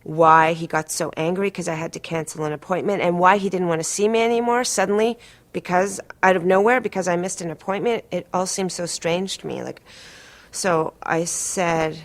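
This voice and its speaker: An interviewee speaks to camera with a fairly low pitch at normal speed. She animatedly tells a personal story, her pace picking up and her voice rising sharply as she gets to the conflict.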